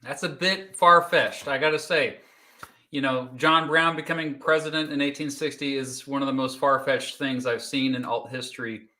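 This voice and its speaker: Bright-voiced man eating pizza on a livestream. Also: mid-range voice, normal speed. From Kansas, United States. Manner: relaxed, joking, eats while talking. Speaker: YouTube host. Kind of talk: casual livestream chat.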